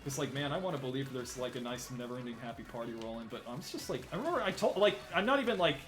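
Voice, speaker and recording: Young guy streaming, talks super fast, swears a lot, gets loud when he rants, bit of music in the back. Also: mid-range voice. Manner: fast, profane and animated, rants loudly. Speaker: streamer and voice actor. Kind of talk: casual chat.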